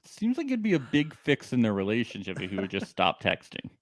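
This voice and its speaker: A man's voice: on the low side, wildly swooping pitch, fairly quick, dry recording. A man co-hosting a podcast, recapping a reality show in casual chat, joking and laughing often. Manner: joking, laughs often, puts on voices for people he quotes. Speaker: podcast co-host.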